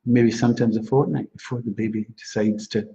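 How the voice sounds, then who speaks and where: A man's voice: steady tone, brisk, gravelly, dark tone, slight background noise. A man giving psychic readings to viewers on a live stream, chatty and reassuring, laughing often. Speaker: psychic astrologer. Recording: dull low-fidelity live stream.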